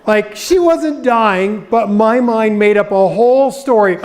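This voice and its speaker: A middle-aged man with a notably high speaking voice gives a public presentation. He speaks as an expert, telling stories and playing out the voices of the people in them. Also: unhurried. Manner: storytelling, acts out quoted voices. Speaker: grief expert giving a public talk.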